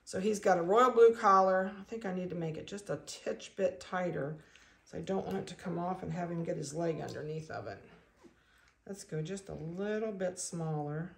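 A woman breeder narrating a casual video, chatting along and cooing softly to the animals she handles. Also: lowish voice, moderate pace, gravelly. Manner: chatty, coos softly to puppies. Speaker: dog breeder.

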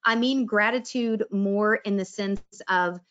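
With highs cut off, the recording carries a woman's mid-range, slightly bright voice at a measured pace. She gives a casual, chatty presentation on breath work and mindfulness, acting out quoted inner voices.

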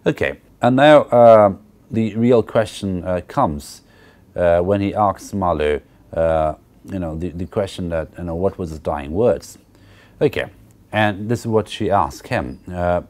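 A man's voice: low-pitched, a little slow, a little mellow. A man lecturing on a novel in a university course. He explains step by step, often checks in with "okay" and "right", and uses many fillers and repeated words. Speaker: literature lecturer.

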